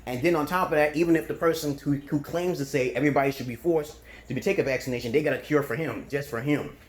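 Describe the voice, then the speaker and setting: A man's voice: a little high, fast talker. A man from Brooklyn, ranting profanely and emphatically in an unscripted monologue as a self-styled dating advisor. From Brooklyn, New York.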